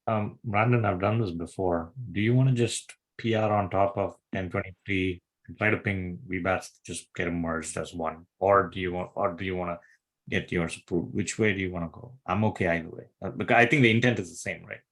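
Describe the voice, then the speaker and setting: A man's voice: low voice, steady tone, a little fast, a bit bright. A man asking easygoing, tentative questions in a technical meeting over a video call. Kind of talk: casual technical meeting discussion.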